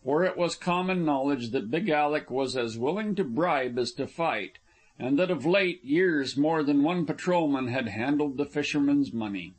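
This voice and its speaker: A man narrating an adventure audiobook in an even, measured reading. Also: on the high side. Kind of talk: scripted narration.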